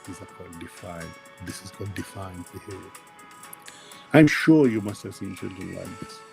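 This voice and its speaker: Low-voiced man giving a lecture. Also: expressive, vocal fry, faint music behind. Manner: plain explaining, many pauses and fillers; addresses students directly, asks for questions. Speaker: dental lecturer. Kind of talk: university lecture.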